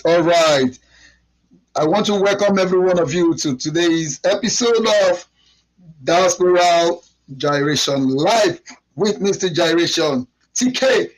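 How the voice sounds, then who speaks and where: A man opens his live show. His voice sits a little high for a man. He talks in an emphatic, preacherly way and repeats himself. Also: low-quality recording. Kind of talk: live stream welcome and prayer.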